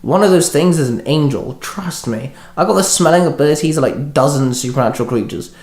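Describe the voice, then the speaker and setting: A man's voice: on the high side, brisk, a little mellow, lightly acted. A man playing a whiny young hybrid guy. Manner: whining. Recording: echoey room.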